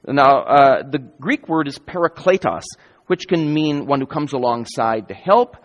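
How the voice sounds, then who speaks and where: A man preaching a sermon in an emphatic, varied delivery with deliberate pauses, in a church sanctuary. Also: medium pitch, expressive, lo-fi sound. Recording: hall reverb.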